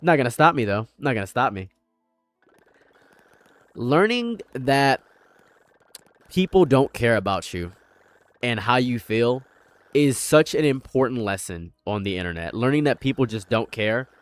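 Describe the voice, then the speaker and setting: A young man rants in a loose, rambling way, circling back over his own points and slipping into mockery. His voice sits at an ordinary pitch and is recorded dry and close, with no room sound around it. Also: lively intonation, a little slow, pauses often, dry recording. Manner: rambling, repeats himself, mocking. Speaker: streamer. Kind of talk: casual livestream chat. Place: room at home.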